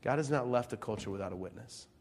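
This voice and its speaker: A man's voice: medium pitch, quick pace. Conversational preacher asking his audience questions. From Central Illinois. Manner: conversational preaching full of rhetorical questions, swinging between loud and soft. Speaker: pastor. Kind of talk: sermon. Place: church.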